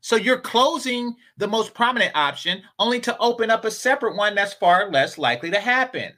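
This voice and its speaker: A man's voice: high voice, lively intonation, brisk, bright, forceful tone. A man giving casual, sarcastic reaction commentary on a stream, talking back to the clips he plays.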